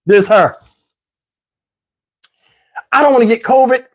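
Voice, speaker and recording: A middle-aged man vlogger telling a story to camera in a casual, animated way, with slang, swearing and laughter. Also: very high-pitched, slow pace.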